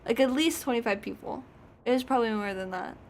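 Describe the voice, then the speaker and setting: A woman's voice: on the high side, fast, slight background noise. A young woman streaming, chatting casually and rambling with frequent laughs. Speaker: VTuber streamer.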